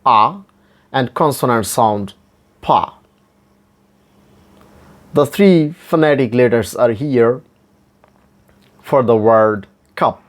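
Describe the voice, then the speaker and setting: Male teacher, very slow and deliberate, repeats each example word several times. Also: medium pitch. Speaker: English phonetics teacher. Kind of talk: slow pronunciation lesson.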